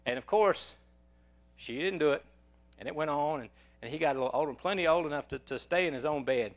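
A man's voice: on the high side, a little fast. Folksy preacher man telling stories. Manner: folksy storyteller, repeats words as he goes. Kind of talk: sermon with personal storytelling.

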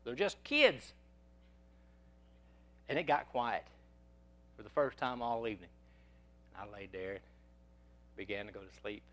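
A man's voice: medium pitch, animated, a little slow, pauses often, fairly bright tone. Folksy preacher man telling stories. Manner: folksy storyteller, repeats words as he goes. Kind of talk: sermon with personal storytelling.

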